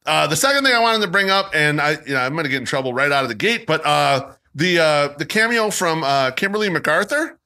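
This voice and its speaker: A man's voice: fairly high pitch, animated, fast, few pauses, sharp tone. A man co-hosting a podcast, trading crude, joking banter in casual chat. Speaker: podcast co-host.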